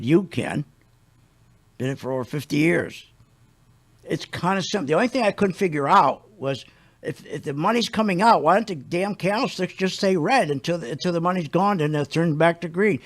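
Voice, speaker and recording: An older man hosting a radio show, ranting in a blunt, indignant, rambling way. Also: fairly high pitch.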